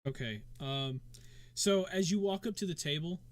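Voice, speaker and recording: A man's voice: a little high, moderate pace. A man running a tabletop game as game master, narrating in a rambling way full of fillers.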